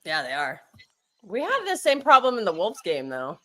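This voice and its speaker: Animated bright-voiced woman chatting football. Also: on the low side, moderate pace. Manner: rambling, with many restarts and laughs. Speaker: co-host of a live match watch-along. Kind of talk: casual live football chat.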